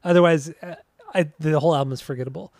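A man's voice: on the high side, fast talker, a little mellow. A young man co-hosting a casual chat, teasing his friend, laughing often and swearing casually. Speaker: podcast co-host.

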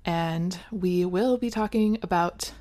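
A woman host delivers a cheerful, measured podcast sign-off. Her voice sits low. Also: dark tone. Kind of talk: podcast outro.

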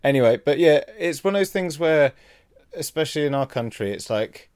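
A man's voice: fairly high pitch, lively intonation, brisk, darkish tone, clear, resonant tone, no room sound, studio quality. A man chatting casually as a podcast co-host, with rambling, self-deprecating humor. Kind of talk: casual chat.

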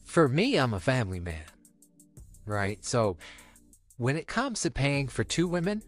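A young man chats openly on a podcast about his own dating life, his pitch rising and dipping freely. Faint music sits under his voice. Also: unhurried. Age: young adult. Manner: frank, personal, lively ups and downs in pitch. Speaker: podcast co-host. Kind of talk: casual podcast chat.

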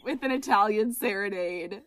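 A woman's voice: medium pitch, normal speed, a bit bright, no room sound. A woman co-hosting a podcast, chatting casually with laid-back, dry asides. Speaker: podcast co-host. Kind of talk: casual recap chat.

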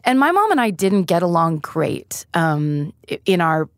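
A woman's voice: lowish voice, sing-song, unhurried, no echo, clean studio sound. A woman comedian telling frank, profane stories in a candid interview, laughing through grim moments. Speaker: comedian guest. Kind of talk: candid conversational storytelling.

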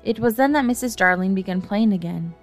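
A woman narrating a classic children's story gently, with a wry touch. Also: medium pitch, brisk, soft background music. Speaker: audiobook narrator.

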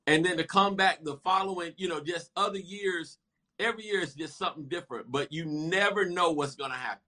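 Animated man with a bright, forceful voice. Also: a little high, a little fast. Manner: animated, lively storytelling with laughter. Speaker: guest. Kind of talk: storytelling in casual chat.

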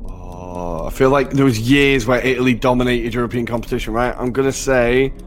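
A man's voice: medium pitch, a little fast, slight background noise. A man co-hosting a casual football podcast, laughing often, swearing casually and poking fun at himself. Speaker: podcast co-host.

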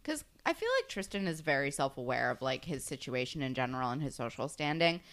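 A woman's voice: extremely low pitch, sing-song, fast talker, fairly bright tone. A woman co-hosting a podcast in casual chat, thoughtfully picking apart the characters. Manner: reflective, analyses the characters. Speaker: podcast co-host recapping a TV episode.

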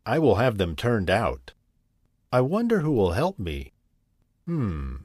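A man's voice: fairly low pitch, wildly swooping pitch, slow, a little mellow, no echo, clean studio sound, full character voice. A man voicing a fussy, tidy little female house mouse in a storybook reading, prim and scolding. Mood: stern.

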